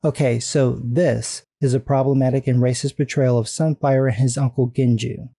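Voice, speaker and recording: A man's voice: medium pitch, fairly even intonation, moderate pace, dark tone, breathy edge, dry recording. A man delivering a sarcastic, indignant video commentary rant with frequent profanity.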